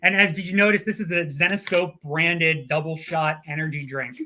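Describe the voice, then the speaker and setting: A man's voice: on the high side, steady tone, moderate pace, bright, forceful tone, a little hiss or hum. Jokey male co-host. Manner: jokey, playful. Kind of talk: casual chat and scripted ad reads.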